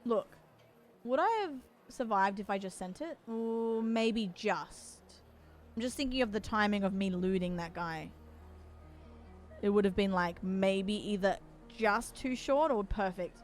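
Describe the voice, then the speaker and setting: A woman's voice: medium pitch, measured pace, faint music behind. A young woman streaming a game, chatting casually with viewers, reacting aloud and swearing now and then. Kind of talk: casual gaming stream chat.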